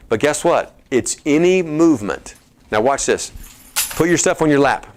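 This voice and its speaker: A man with a Texan accent giving a lively health seminar to a live audience, joking and coaching the crowd through an exercise. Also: fairly high pitch, moderate pace. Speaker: chiropractor giving a health talk.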